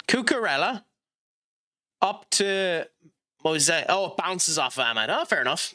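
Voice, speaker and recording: A man streaming a football management game, chatting with viewers in a rambling way and reacting loudly to the match. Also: high-pitched, very animated, normal speed. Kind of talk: live gaming stream chat and match commentary.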